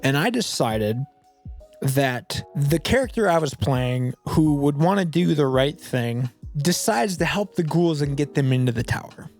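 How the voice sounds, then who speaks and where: A young man rambles through casual game commentary and fills his speech with "like." His voice sits a little high. Faint music plays softly underneath. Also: animated, a little slow. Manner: rambling, heavy use of "like". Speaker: gaming video creator.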